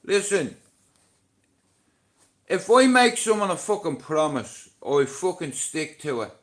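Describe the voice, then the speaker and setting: A man's voice: fairly high pitch, big pitch swings, slow, roomy sound. A middle-aged Irish man talking casually on a live stream, blunt, boastful and full of swearing and slang.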